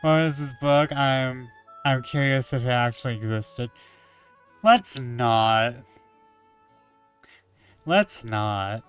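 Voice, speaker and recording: A man's voice: medium pitch, slow pace, pauses often, clear, resonant tone, faint music behind. A man reading a story game aloud and adding wry, joking asides. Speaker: gamer.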